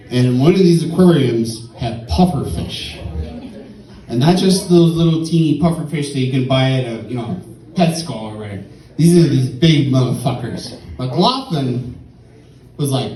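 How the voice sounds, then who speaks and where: A man's voice: mid-range voice, dark tone, reverberant, far from the mic, low-quality recording. A tipsy man telling a rambling, profane story in a stand-up set at a comedy club.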